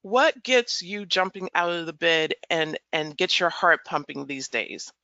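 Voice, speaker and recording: A woman's voice: on the low side, animated, a little slow, bright, forceful tone, no room sound, dull audio. A woman hosting a podcast interview, introducing her guest with enthusiasm. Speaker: podcast host.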